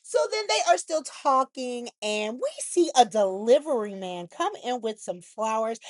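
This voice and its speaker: A woman's voice: fairly high pitch, lively intonation, a little slow, few pauses, no echo. A woman hosting a soap opera recap, giving blunt, sassy commentary full of "like" and asides. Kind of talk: casual opinionated recap.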